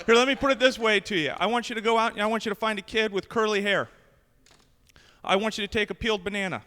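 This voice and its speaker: Brash high-voiced male stand-up comic. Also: fairly even intonation, fast, pushed and bright, big-room sound. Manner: brash, punchy joke delivery. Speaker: stand-up comedian. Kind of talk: stand-up comedy set. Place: comedy club stage with live audience.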